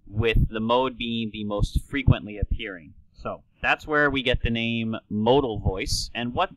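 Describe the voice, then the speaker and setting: A man co-hosting a podcast, a doctor explaining things in a measured, lightly joking way. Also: medium pitch, fairly bright tone, no echo, low-quality recording. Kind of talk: casual podcast chat.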